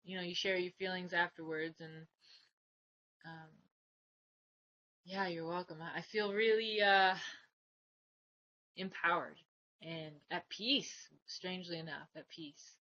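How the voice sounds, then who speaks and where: A woman reading her own heartfelt letters aloud in a personal vlog, soft, earnest and reflective, her words often trailing off quietly. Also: fairly low pitch, fairly even intonation, slow, pauses often, lo-fi sound. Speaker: vlogger.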